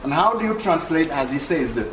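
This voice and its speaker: A man's voice: on the high side, lively intonation, brisk. A man, an actor speaking on a panel at a film event, passionate and searching for his words. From France. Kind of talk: panel discussion remarks. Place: large hall at a film event. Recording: echoey hall from far off with noise.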